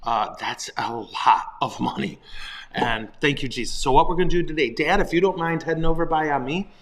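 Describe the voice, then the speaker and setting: A man's voice: fairly high pitch, a little fast, a bit bright. A man who is a priest, chatting casually on a livestream. He jokes at his own expense and chuckles often. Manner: playful, self-deprecating, chuckles often.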